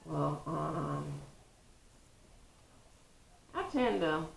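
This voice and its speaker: A woman with a lowish voice that swoops up and down, talking very slowly as she shares relationship stories with playful, dramatic quips. The echo of a bare room surrounds her voice. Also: animated, gravelly, a little hiss or hum. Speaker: co-host of a couple's channel. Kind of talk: casual relationship chat. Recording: roomy echo.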